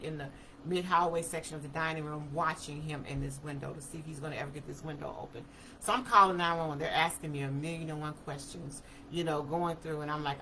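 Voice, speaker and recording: A woman's voice: deep voice, sharp tone, a little hiss or hum, rough recording. A woman in her fifties telling a personal story to an audience in a vivid, emphatic manner with everyday vernacular. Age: 50s. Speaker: speaker. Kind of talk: personal testimony talk.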